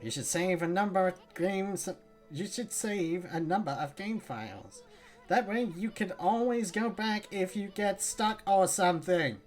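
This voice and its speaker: A woman's voice: medium pitch, unhurried, a little mellow, soft background music, pitched above the performer's own voice, natural voice. A woman voicing a brash, chatty little male sidekick from a game, reading the on-screen lines aloud in a perky put-on voice. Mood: know-it-all.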